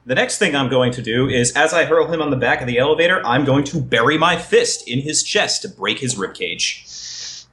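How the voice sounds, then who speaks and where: A man's voice: medium pitch, lively intonation, moderate pace, fairly bright tone, slight background noise. A man playing a tabletop game, talking in a blunt, matter-of-fact way. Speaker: player.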